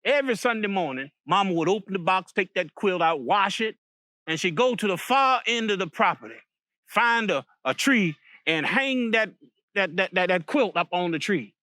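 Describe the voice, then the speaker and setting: A man's voice: high voice, expressive, normal speed, sharp tone, no room sound, clean studio sound. A man from Virginia telling a folk story aloud, in a folksy way with many repeated words and restarts. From Virginia, USA.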